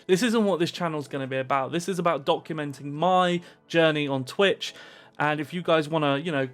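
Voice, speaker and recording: A man giving streaming advice straight to camera with pumped-up, animated energy. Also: on the high side, a little fast.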